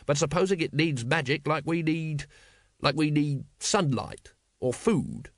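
A man voicing a gruff, bitter city watch captain who talks in a low, grumbling growl. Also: measured pace, dry recording, clean studio sound, lightly acted.

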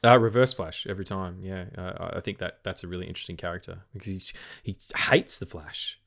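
A man's voice: deep voice, a little fast, creaky, fairly bright tone. A tired man with an Australian accent, co-hosting a film podcast in a rambling, casual way. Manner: rambling, with frequent restarts and swearing. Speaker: podcast co-host. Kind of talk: casual chat.

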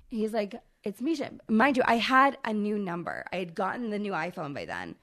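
A woman in her thirties, a podcast co-host, telling a long personal story in casual, profane, animated chat. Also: medium pitch, a little fast, hardly any pauses.

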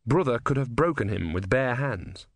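A man narrating a comic fantasy novel in a wry, measured storytelling manner. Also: medium pitch, animated, dry recording. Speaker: audiobook narrator. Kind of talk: scripted narration.

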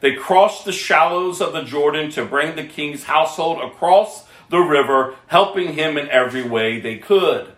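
A man's voice: on the high side, moderate pace, few pauses, a bit bright, echoey room. A man preaching a sermon, reading scripture aloud and breaking off to explain it conversationally.

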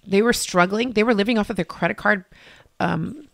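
A middle-aged woman shares a heartfelt story in an interview, her voice carrying a gravelly edge. She acts out old conversations with feeling, in a dry, close recording. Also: medium pitch, a little fast, a bit bright, dry recording. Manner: emotional storytelling, acting out dialogue. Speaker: interview guest. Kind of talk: personal faith story in conversation.

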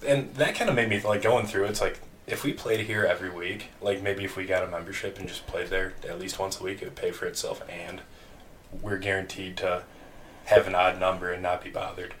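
A man co-hosting a podcast, telling a long story in casual chat, animated and laughing, with casual swearing. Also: deep voice, fairly quick. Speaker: podcast co-host. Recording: distant mic with faint noise.

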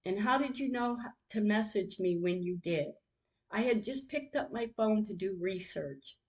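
A woman's voice: mid-range voice, animated, moderate pace, darkish tone, highs cut off. A woman hosting her own podcast, reading out her text messages in an emotional, heartfelt way. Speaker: podcast host.

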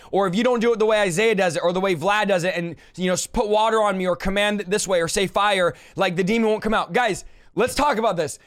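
Fast-talking, high-voiced fired-up host. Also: male voice. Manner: animated storyteller acting out exchanges; emphatic, fired-up preacher's delivery. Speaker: podcast host. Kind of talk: casual chat.

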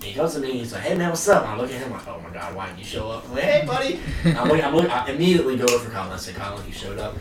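A man's voice: lowish voice, rapid-fire, hardly any pauses. A man telling a story in casual podcast chat, acting out each person's lines as he goes. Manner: animated storyteller acting out dialogue. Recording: roomy, distant mic with crowd noise.

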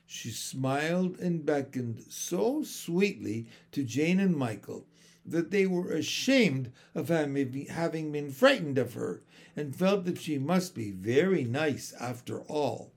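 Slow, expressive male storyteller. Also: on the high side, vocal fry. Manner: expressive, unhurried reading. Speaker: audiobook narrator. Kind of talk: storybook reading.

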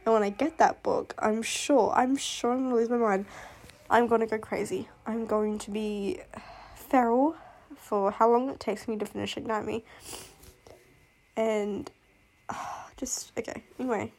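In a casual chat, a woman talks about books she adores and despises, reviewing fictional love interests as a booktuber. Her voice is fairly high and a little mellow, with fairly even intonation and a measured pace, while she rambles, gushes, swears freely, laughs and sighs.

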